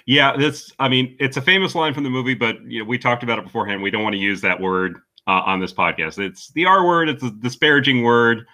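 A man co-hosting a podcast in casual chat, laughing often and dropping quick asides. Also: mid-range voice, pushed and bright. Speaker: podcast co-host.

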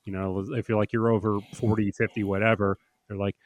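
A man's voice: lowish voice, flat delivery, brisk, no echo, highs cut off. A man co-hosting a podcast, chatting casually about comedy sketches and laughing often as he acts out lines. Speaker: podcast co-host.

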